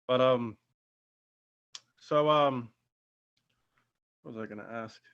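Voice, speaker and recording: A man's voice: mid-range voice, takes it slowly, clean tone. A man hosting an interview, enthusiastic and effusive, with plenty of ums and uhs. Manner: enthusiastic and effusive, many fillers. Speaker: interview host. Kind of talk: casual interview talk. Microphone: video call. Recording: dull lo-fi video call audio.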